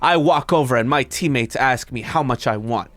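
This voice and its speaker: A male streamer reading an internet story aloud to his chat, breaking off into high, disbelieving comments. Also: moderate pace, faint music behind. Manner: animated, breaks into high-pitched disbelieving asides.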